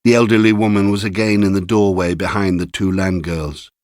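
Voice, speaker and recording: A man narrating a literary short story in a measured, unhurried way. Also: sits low, steady tone, darkish tone, no room sound, studio quality. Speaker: audiobook narrator.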